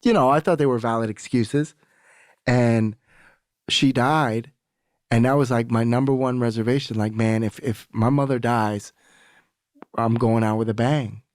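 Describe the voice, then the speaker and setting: A man's voice: medium pitch, fairly even intonation, measured pace, long pauses, a little mellow, dry recording, clean studio sound. A young adult man, a podcast guest, telling a candid personal story in casual talk, swearing freely and acting out the voices of people he quotes.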